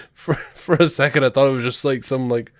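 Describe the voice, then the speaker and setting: A man's voice: mid-range voice, moderate pace, no echo. A man co-hosting a podcast in casual chat, sleepy and laid-back, laughing often. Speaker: podcast co-host. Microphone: headphones and home mic.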